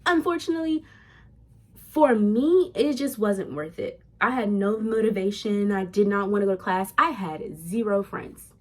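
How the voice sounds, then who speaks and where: A young woman talks straight to her viewers in a relaxed vlog, candid and chatty. Her voice sits at an ordinary middle pitch for a woman. She speaks casually, calling her audience "y'all". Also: moderate pace. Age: young adult. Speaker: vlogger, nursing student. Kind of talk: casual talking-head vlog.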